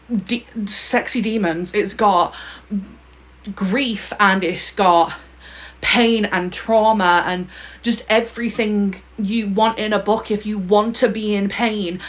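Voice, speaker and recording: A woman's voice: mid-range voice, a bit bright. Young woman book vlogger, casual to-camera chat, gushing and emphatic, mid-range voice. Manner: gushing, emphatic, ends points with a pointed "okay?".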